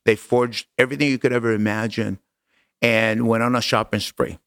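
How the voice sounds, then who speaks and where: A man's voice: mid-range voice, little pitch movement, moderate pace, a bit bright, clean tone, no echo, studio quality. A man, a podcast guest, telling his story in conversation, earnest and emphatic, repeating phrases for weight.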